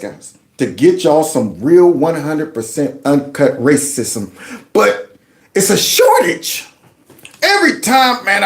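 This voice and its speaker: A man hosting casual political commentary, animated and mocking, who often slips into high, exaggerated mimicry. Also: roomy sound.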